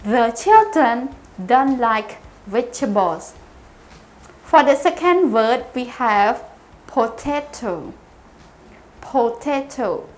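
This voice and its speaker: A woman's voice: a little high, lively intonation, takes it slowly. A young woman teaching a beginner English vocabulary lesson, repeating each word and spelling it out letter by letter. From Cambodia. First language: Khmer.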